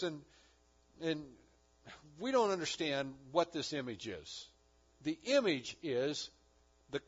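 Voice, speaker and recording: A man's voice: fairly high pitch, slightly rough. A man preaching a sermon as pastor, earnest, with rising and falling emphasis. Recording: dull lo-fi recording.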